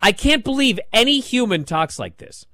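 A man co-hosting a casual podcast, ranting in an animated, exasperated way and mocking lines by reading them aloud. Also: very high voice, normal speed, vocal fry, no echo. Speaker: podcast co-host. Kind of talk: casual wrestling discussion.

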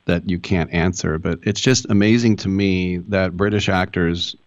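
Man, radio host, very deep voice, casual rambling questions, lo-fi dry sound. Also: steady tone, moderate pace, no echo. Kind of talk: radio interview.

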